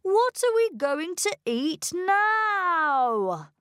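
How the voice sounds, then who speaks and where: A woman puts on two eager little boys from a children's story. They speak high and slow, with a lively, bouncing pitch. The sound is dry and close. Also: dry recording, full character voice. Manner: high, slow, eager read-aloud delivery. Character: two excited small boys.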